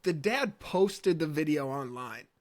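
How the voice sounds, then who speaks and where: A man's voice: fairly high pitch, lively intonation, unhurried. A man in a casual sports chat, laid-back, telling stories and laughing along. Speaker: co-host.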